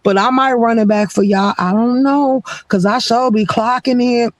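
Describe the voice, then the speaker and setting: A man's voice: very high voice, fairly even intonation, normal speed, dry recording. A man hosting his live stream, rambling along in casual, laid-back chat.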